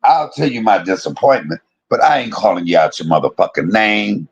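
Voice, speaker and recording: Gravelly, husky man ranting on a stream. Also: on the low side, expressive, brisk, muffled recording. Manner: profane, confrontational, repeats himself. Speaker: live streamer. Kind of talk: heated livestream rant.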